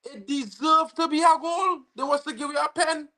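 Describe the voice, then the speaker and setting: A young Trinidadian man hosting a football watch-along livestream, slangy and excitable, bursting into shouts when his team scores. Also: very high-pitched, moderate pace. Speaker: football fan livestream host. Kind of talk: live match watch-along commentary.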